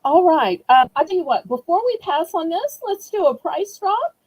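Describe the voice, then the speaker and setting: Speaking at normal speed in a sing-song, somewhat mellow voice, a woman hosts a live-stream auction from home and addresses webcam viewers. She holds back tears emotionally, then turns cheerful again and pitches products. It is a low-quality recording.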